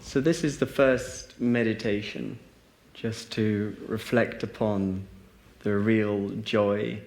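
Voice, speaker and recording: A man with a low-ish, darkish voice speaks slowly and steadily, leading a reflective spiritual talk and group meditation for a live audience in a large hall, with many fillers and restarts. The recording has roomy echo and a little hiss or hum.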